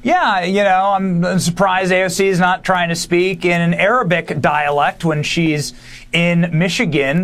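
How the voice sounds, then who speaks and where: A man appearing as a guest commentator, talking emphatically and rapidly in a preachy tone. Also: sits high, a bit bright. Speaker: guest podcaster. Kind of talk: political commentary.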